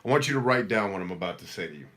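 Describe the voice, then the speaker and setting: Low-voiced man coaching live viewers. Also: very fast. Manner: direct, energetic, motivational. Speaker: life coach hosting a live Q&A. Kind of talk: casual livestream chat, reading viewer comments.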